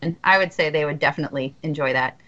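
Bright-voiced candid woman in her thirties. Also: low voice, fast, lo-fi sound. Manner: candid and joking, frequent restarts. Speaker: podcast co-host. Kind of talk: casual podcast chat.

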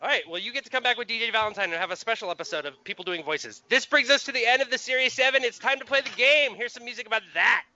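Hosting a podcast, a man with an extremely high-pitched voice chats casually and explains the rules of a quiz game in a quick, upbeat manner. The recording's highs are cut off.

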